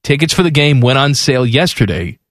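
A man's voice: mid-range voice, animated, brisk, dry recording, studio quality. A man co-hosting casual sports talk with a wry manner who reads news items aloud. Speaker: sports radio co-host.

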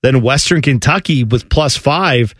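A man's voice: medium pitch, a little slow, no echo, clean studio sound. A man hosting a sports radio show, telling stories in casual, joking banter with a co-host. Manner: animated, joking storyteller. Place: radio studio.

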